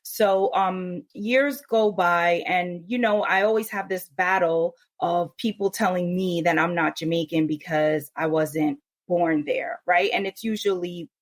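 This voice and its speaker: A woman born in the United States, a podcast guest telling her story with animated energy. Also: on the low side, unhurried, hardly any pauses. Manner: animated, mimics others' voices in quotes. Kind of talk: casual podcast interview.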